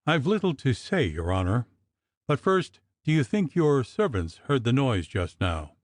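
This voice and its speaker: A man voicing a grim, menacing male church clerk in an audiobook, with a hoarse, level voice and quiet threat. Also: mid-range voice, big pitch swings, measured pace, no echo, clean studio sound. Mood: wary. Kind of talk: audiobook character reading.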